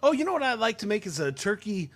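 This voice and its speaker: A young adult man telling stories in a casual, animated chat, full of fillers. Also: high voice, quick pace. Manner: animated, storytelling, many "like" fillers.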